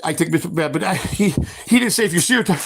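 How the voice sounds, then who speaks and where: A man's voice: a little high, expressive, quick pace, fairly bright tone. A man hosting a live stream while walking outdoors, blunt and heated, repeating his points. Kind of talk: walk-and-talk live stream. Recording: street traffic noise behind.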